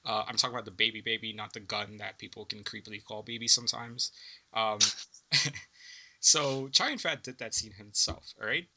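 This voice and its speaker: A man co-hosting a film podcast, chatting casually and excitedly about movie trivia, laughing and swearing often. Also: on the low side, moderate pace, slight background noise. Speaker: podcast co-host.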